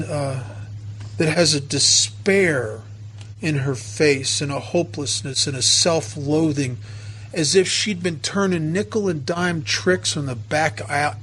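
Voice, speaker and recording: An American man shares his personal recovery story at a meeting, alternating between emotion and self-mockery. His voice is fairly high, a bit bright, and husky.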